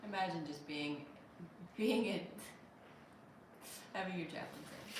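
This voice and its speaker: A woman's voice: deep voice, moderate pace, long pauses, distant mic. Chatty woman live-streaming in an echoey room. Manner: chatty, animated, laughs often. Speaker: livestream host. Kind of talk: casual live-stream chat, reading viewer comments. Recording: echoey room, voice off-mic, noisy.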